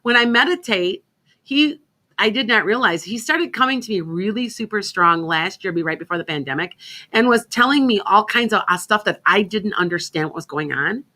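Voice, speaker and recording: Rambling woman psychic host, bright forceful voice, casual radio chat, keeps restarting sentences. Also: medium pitch, animated, normal speed. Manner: chatty, rambling, self-interrupting.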